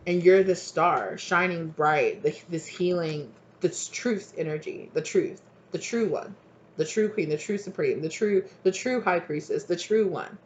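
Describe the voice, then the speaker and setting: A tarot reader giving a rambling, animated channeled reading, acting out little dialogues. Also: mid-range voice, a little slow, a little hiss or hum.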